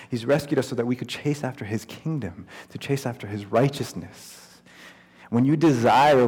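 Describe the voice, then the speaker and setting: Male pastor, conversational storytelling sermon, mid-pitched voice, long hall reverb. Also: darkish tone, slightly rough.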